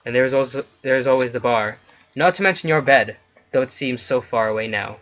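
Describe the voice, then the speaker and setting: A man's voice: mid-range voice, brisk, fairly bright tone, muffled recording. A man hosting a let's play, reading interactive fiction aloud between casual chat with his co-player. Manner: reads story text then chats casually.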